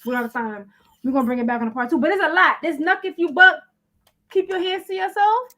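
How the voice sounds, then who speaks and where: A woman's voice: extremely high pitch, fast, pushed and bright. A woman hosting a podcast, chatty and upbeat, speaking straight to her listeners. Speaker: podcast host. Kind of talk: casual chat.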